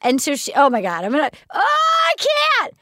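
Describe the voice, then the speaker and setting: A woman hosts a casual podcast chat with an effusive, emotional delivery and frequent laughter. Her voice sits fairly high and sounds close and dry, with no room echo. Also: huge pitch swings, moderate pace, fairly bright tone. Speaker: podcast host.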